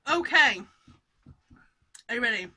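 A woman's voice: fairly high pitch, lively intonation, measured pace, pushed and bright, breathy edge. A woman chatting casually to camera in a home stitching vlog, rambling and breaking off her sentences. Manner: chatty, rambling, self-interrupting. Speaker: cross-stitch vlogger.

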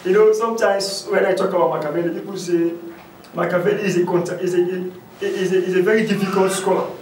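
Male lecturer, high voice, emphatic and repetitive, miked from afar in an echoey room. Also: fairly even intonation, fast, recorded from a distance, slight background noise. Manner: emphatic, repetitive, rises to loud stresses then drops low. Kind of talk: university lecture.

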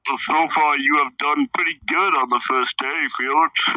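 A man playing a teacher in a loose role-play session, crude and joking, with plenty of laughter. His voice is very bright and cutting. He sits a little away from the mic in a dry, dead room. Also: a little high, fairly even intonation, normal speed, no echo, far from the mic, low-quality recording. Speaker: player acting as teacher. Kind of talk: casual role-play banter.

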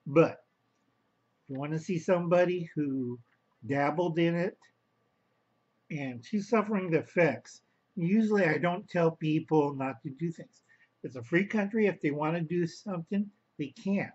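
The vlogger's voice sits on the high side, a little mellow and slightly rough, and he keeps a measured pace. Rambling through his home video, he calls his viewers boys and girls and refers to himself by name in the third person, all on a muffled recording.

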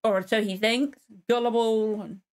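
A woman's voice: a little high, steady tone, unhurried. A woman hosting a reaction video, chatting casually and exclaiming as she watches.

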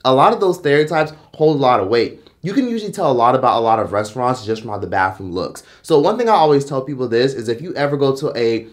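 A man's voice: medium pitch, animated, fast talker, hardly any pauses. A man giving opinionated vlog commentary in a blunt, profane, ranting way. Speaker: commentary vlogger.

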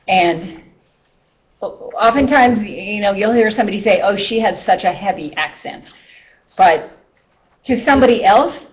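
A middle-aged woman and ESL teacher presenting a training workshop in a loose, conversational way with many ums and restarts. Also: medium pitch. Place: workshop room. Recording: voice from a distance.

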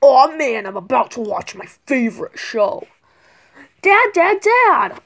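A spoiled, whiny young turtle prince, played by a woman in a homemade toy skit. He pleads and gushes in a raised, somewhat high voice, dragging out his words. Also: big pitch swings, takes it slowly, fairly bright tone, heavily acted. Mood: eager.

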